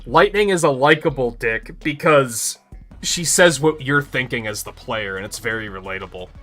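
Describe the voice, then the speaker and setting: Bright-voiced man ranting on stream. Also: medium pitch, normal speed, faint music behind. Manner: profane, animated ranting. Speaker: livestream host. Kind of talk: casual chat while gaming.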